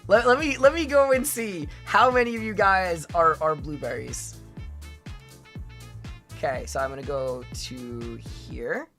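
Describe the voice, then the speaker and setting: A woman streamer from Australia chatting in a casual reaction stream, excitable and rambling as she reacts. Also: on the low side, unhurried, faint music behind.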